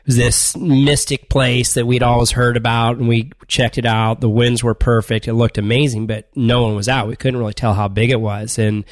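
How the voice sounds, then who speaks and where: A middle-aged man, a swim coach guest on a podcast, talking in a relaxed, steady way. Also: medium pitch, normal speed, hardly any pauses, no echo, studio quality. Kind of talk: casual interview chat.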